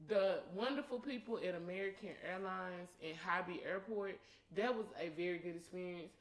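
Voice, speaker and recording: A young adult woman co-hosting a podcast, blunt, profane and excitable in casual chat. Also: lowish voice, moderate pace, poor audio. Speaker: podcast co-host.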